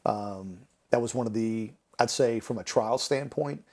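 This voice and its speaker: A man, a podcast guest telling stories in a relaxed, conversational way. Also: medium pitch, unhurried. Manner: animated, laughing through anecdotes, acting out quotes. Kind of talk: conversational storytelling.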